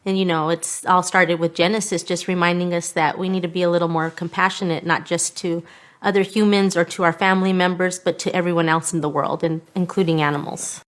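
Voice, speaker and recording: A woman's voice: fairly low pitch, level tone, fairly quick. A woman, a mother, earnestly recounting a family story in an interview. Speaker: mother of a vegan child.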